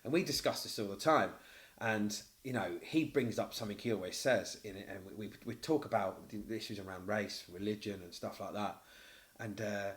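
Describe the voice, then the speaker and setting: A man's voice: fairly low pitch, fairly quick. A middle-aged man co-hosting a podcast, telling stories in a casual chat and swearing freely. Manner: animated storyteller, swears freely. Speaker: podcast co-host. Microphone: podcast microphone.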